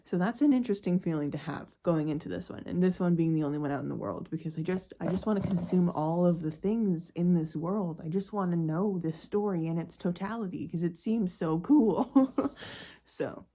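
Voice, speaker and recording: A woman's voice: fairly low pitch, normal speed, mellow. A young Canadian woman vlogging casually about books, gushing and laughing often. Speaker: book vlogger. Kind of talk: casual vlog chat.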